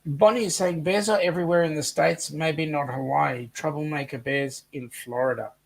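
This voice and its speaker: Gravelly Australian man reading chat comments. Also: on the high side, fairly even intonation, normal speed. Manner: joking, reads comments aloud. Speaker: co-host of a live chat stream. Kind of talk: casual live-stream chat reading viewer comments.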